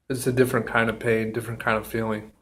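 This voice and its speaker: A man talking casually in a solo review vlog, halting with many ums and pauses, a bit out of breath, with a runny nose and a burning mouth. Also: medium pitch, a bit bright. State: slightly out of breath from pepper heat. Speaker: pepper reviewer.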